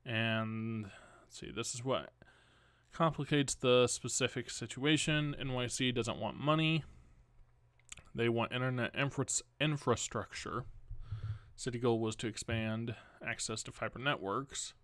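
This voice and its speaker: Young male podcast host, unhurried news reading with offhand commentary, dry mic. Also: medium pitch, a bit bright, no echo. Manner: casual, rambling asides and self-corrections.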